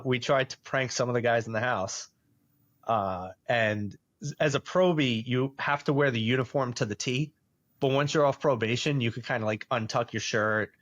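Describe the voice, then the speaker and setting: Speaking in a mid-range voice with no room sound, a man hosts a podcast and animatedly shares a personal story. The casual tale is full of frequent laughter, and he performs the quoted voices himself.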